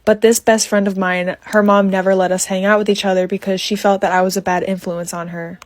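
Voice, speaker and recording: A woman's voice: mid-range voice, flat delivery, a little fast. A woman telling a story from her middle school days, chatting to viewers directly. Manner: conversational, talks to viewers directly. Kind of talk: casual storytime.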